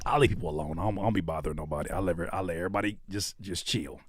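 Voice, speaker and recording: With a deep, slightly rough voice and rapid-fire delivery, a man in his thirties who raps and makes YouTube videos reacts to comments. He rants comedically and animatedly, mocking and teasing with sudden loud outbursts.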